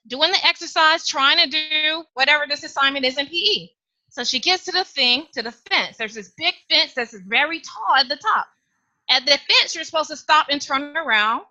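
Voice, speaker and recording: High, bright woman telling a story. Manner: animated, acts out voices. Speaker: club speaker. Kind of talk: storytelling speech. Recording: dull lo-fi live meeting recording.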